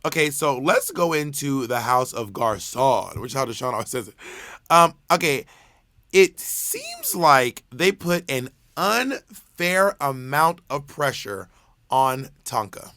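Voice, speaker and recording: A man co-hosting a podcast, chatting casually in an animated, rambling way with many restarts. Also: on the high side, slow pace. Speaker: podcast co-host. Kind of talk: casual chat.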